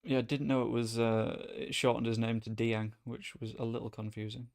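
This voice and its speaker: Gravelly man streaming a game. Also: medium pitch, fairly quick. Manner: chatty, rambling, with sudden excited outbursts. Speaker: gaming streamer. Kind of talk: casual gameplay commentary.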